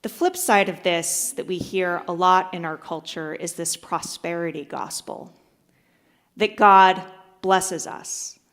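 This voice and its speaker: A woman's voice: on the low side, slow, a bit bright. A woman pastor giving a sermon, telling a joke with acted-out voices and then preaching. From United States. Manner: storytelling, acts out voices in a joke.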